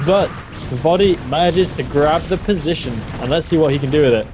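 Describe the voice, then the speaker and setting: A man casting a live strategy game match, excitable and quick to laugh. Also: fairly high pitch, background noise. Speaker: esports caster.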